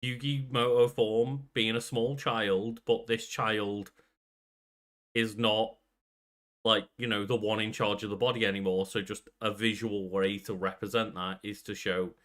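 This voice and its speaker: A man's voice: on the low side, level tone, measured pace, fairly bright tone. A young adult man co-hosting a podcast, talking in a laid-back, musing way. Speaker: podcast co-host. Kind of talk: casual chat.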